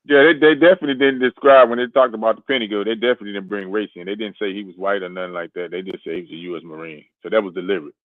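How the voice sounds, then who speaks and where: Male caller, rapid filler-heavy casual talk, dry tinny phone audio. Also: lowish voice, steady tone, dry recording. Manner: rambling, filler-heavy, says "bro". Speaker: guest caller. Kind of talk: casual chat. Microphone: phone line.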